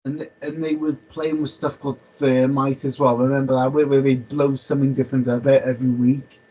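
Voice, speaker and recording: Guy rambling on a video call, kinda husky, dull lo-fi sound. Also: medium pitch, little pitch movement, brisk, mellow. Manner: rambling, stammering restarts. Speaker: host. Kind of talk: casual chat over a video call.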